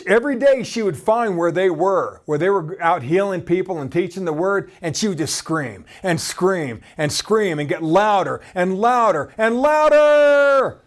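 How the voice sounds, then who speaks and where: A male preacher delivers a sermon in a high, lively voice that rises and falls a great deal. He keeps things animated and conversational, putting questions to his listeners. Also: measured pace, few pauses. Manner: laughs between points.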